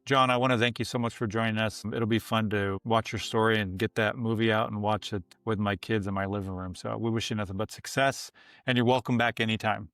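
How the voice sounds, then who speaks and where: A man hosting a podcast who wraps up an interview in a relaxed, friendly way. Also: fairly low pitch, brisk, no room sound, clean studio sound. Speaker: podcast host. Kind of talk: casual interview wrap-up.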